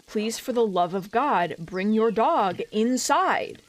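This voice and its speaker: A woman's voice: fairly high pitch, lively intonation, takes it slowly. A young woman streamer joking and chatting as she plays a story game, reading along and talking to the characters. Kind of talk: live gameplay commentary.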